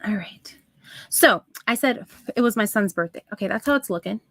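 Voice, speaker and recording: A woman hosting a live crafting stream, chatting to her viewers as she works, with soft asides under her breath. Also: mid-range voice, lively intonation, normal speed, no room sound. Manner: talks to chat viewers while working, soft asides. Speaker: craft livestream host.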